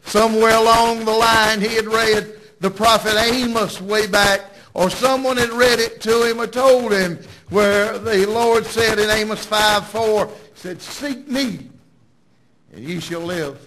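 Slow, high-voiced dramatic preacher man. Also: level tone, fairly bright tone, a little hiss or hum, rough recording. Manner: dramatic, emphatic storytelling. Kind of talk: sermon.

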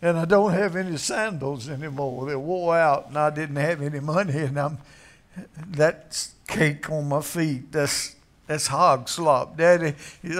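A man's voice: a little high, a little slow. A man preaching a sermon, telling a story in a folksy way and acting out its characters. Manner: folksy, acts out voices in the story.

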